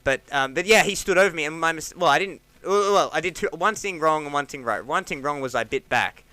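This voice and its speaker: Animated Australian man telling stories. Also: fairly quick, dry recording. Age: 30s. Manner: rambling, animated, acts out quotes with jumps in pitch. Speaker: stand-up comedian, podcast guest. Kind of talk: casual storytelling chat.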